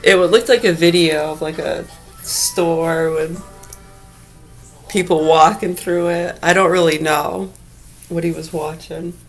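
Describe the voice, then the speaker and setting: A mother ranting angrily to camera in a vlog, cursing heavily and swinging between low muttering and shouted outbursts. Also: fairly even intonation, measured pace, faint music behind, poor audio. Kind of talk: angry profane rant vlog.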